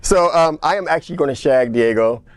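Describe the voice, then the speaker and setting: Fast-talking playful male co-host. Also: on the high side, expressive, a crowd in the background. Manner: playful, jokey. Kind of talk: casual panel banter. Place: TV studio.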